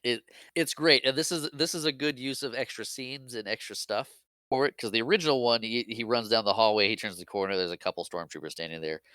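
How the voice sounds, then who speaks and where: A man's voice: mid-range voice, pushed and bright, clear, resonant tone, dry recording. A man co-hosting a podcast, chatting casually about a film and sharing fun facts. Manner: chatty, shares fun facts, quick laughs. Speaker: podcast co-host. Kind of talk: casual movie recap chat.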